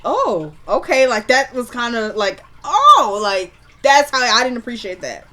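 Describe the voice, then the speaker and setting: A woman's voice: a little high, normal speed, pushed and bright. A woman chatting casually as she recaps a TV episode, retelling scenes line by line with lots of "like" and "he goes.".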